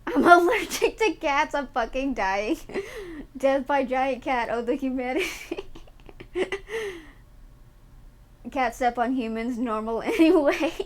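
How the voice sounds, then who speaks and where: Woman streamer, casual live chat, playful and giggly, foul-mouthed, on the higher side. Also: animated, takes it slowly, pauses often. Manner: playful and giggly, swears freely.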